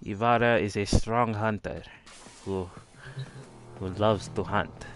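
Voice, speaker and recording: A man's voice: lowish voice, steady tone, slow, soft background music. A man hosting a casual game walkthrough, rambling and poking fun at himself. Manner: rambling, self-deprecating. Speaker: gaming video host.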